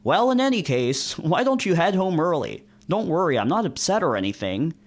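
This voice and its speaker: A man reads out a relentlessly chipper male office boss, lifting his pitch into a bright, sing-song brightness. He keeps things soothing and falsely reassuring, as in a visual novel read-aloud, his voice bouncing with lively ups and downs. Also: moderate pace. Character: cheery upbeat male workplace manager.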